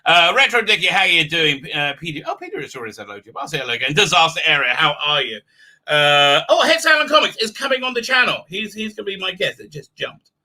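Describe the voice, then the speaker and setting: Animated, bright-voiced man live-streaming. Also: fairly high pitch, quick pace. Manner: rambling, many fillers and restarts; chatty, reads out viewer comments. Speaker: livestream host. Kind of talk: live-stream chat with viewers. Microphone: desk mic with unsteady level.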